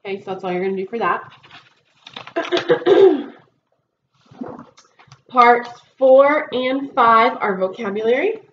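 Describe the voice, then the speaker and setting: A woman's voice: fairly high pitch, lively intonation, slow, long pauses. Woman teacher, patient, explanatory, roomy classroom, dull recording, faint noise. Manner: patient, explanatory, many ums and okays. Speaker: Spanish teacher. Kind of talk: recorded test review lesson.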